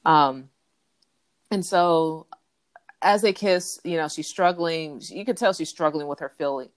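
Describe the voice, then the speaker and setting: A woman co-hosting a casual chat, recapping a TV episode in a relaxed way, with many fillers. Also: low voice, measured pace, no echo. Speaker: podcast co-host recapping a TV episode.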